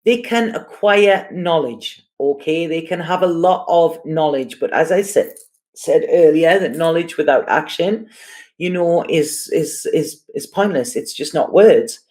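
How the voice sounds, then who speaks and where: A woman giving a casual tarot reading, talking in an unhurried way and often checking in with "you know" and "okay". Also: deep voice, darkish tone. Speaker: tarot reader.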